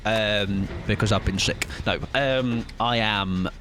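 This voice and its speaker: A man's voice: fairly low pitch, slow pace, fairly bright tone, a little hiss or hum. A young English man chatting casually with his viewers while playing a game on a livestream. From England. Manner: chatty, jokey, reads chat aloud while playing. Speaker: streamer. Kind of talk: casual gaming livestream chat.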